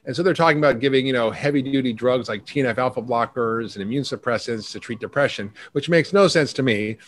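Middle-aged male doctor guest, mid-pitched, brisk list-rattling delivery. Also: no room sound. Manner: brisk, rattles off long lists. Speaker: functional medicine doctor, guest. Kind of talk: podcast interview.

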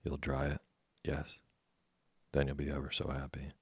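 Man doing a dry, wry older German gentleman. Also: extremely low pitch, completely flat delivery, moderate pace, slightly rough, no echo, full character voice.

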